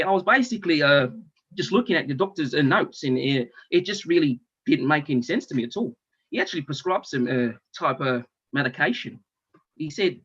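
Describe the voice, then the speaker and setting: A man with speech, doing a stand-up comedy monologue in an animated way, with loud outbursts and swearing. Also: a little high, brisk, husky. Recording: dull lo-fi stream audio.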